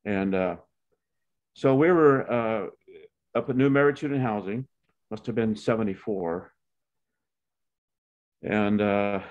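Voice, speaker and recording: A man's voice: on the low side, a little mellow, highs cut off. A man in his seventies from Oklahoma, telling his life story in a rambling, heartfelt way with many restarts. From Oklahoma, USA. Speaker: interviewee.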